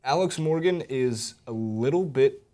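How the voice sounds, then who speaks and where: A man's voice: mid-range voice, animated, unhurried, mellow. A man co-hosting a casual sports chat, giving joking, offhand opinions on the players. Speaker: sports show co-host.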